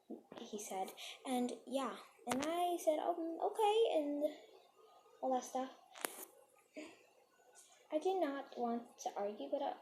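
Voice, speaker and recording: A young female voice telling a casual story in a rambling way, with many fillers and restarts. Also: on the high side. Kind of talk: casual storytime while gaming. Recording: noisy home recording with clicks.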